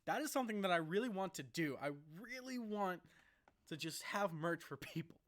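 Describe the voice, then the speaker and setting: A man's voice: high voice, animated, a bit bright. Young man rambling casually to camera. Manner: rambling, laughs often, jumps between fast and slow. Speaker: vlogger.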